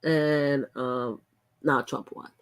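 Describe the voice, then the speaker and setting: Speaking very slowly with an extremely low, steady, clean voice, this middle-aged livestream host offers casual commentary. Her delivery is rambling and emphatic, full of restarts.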